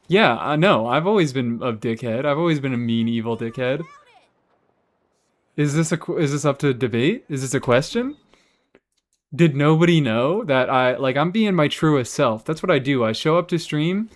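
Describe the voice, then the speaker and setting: Sarcastic young man streaming, smooth voice. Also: mid-range voice. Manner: sarcastic, banters with chat, swears freely. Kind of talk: casual game stream chat.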